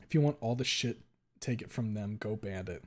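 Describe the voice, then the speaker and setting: A man streaming live, chatting casually with his viewers. He swears often, fills his talk with "like", and gets loud and high when something amuses him. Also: moderate pace.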